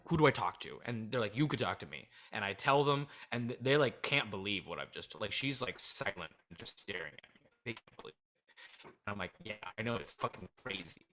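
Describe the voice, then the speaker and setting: A man in his thirties tells a story from his own life in a relaxed interview. His voice is bright and forward, and his delivery is candid and loose, dropping low and quiet at times and then rising to laugh. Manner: candid, drifting between laughing and subdued. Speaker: comedian guest.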